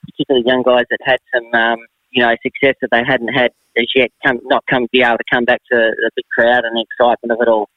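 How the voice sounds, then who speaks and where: A middle-aged man answers questions quickly and modestly as an interview guest. He comes through a tinny, narrow phone line. The sound is dry, with no room echo. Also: mid-range voice.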